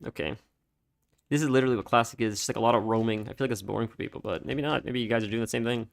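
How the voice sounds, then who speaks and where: A man's voice: medium pitch, racing, vocal fry. A man streaming a game, telling rambling stories with a casual, chatty manner and frequent laughter. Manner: rambling storytelling, laughs often. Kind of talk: casual gameplay commentary.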